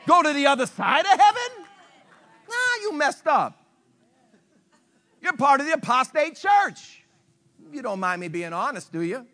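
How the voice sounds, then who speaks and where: A man preaching a sermon as pastor, animated and emphatic, teasing his listeners. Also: extremely high pitch, a little slow, pauses often, a faint crowd.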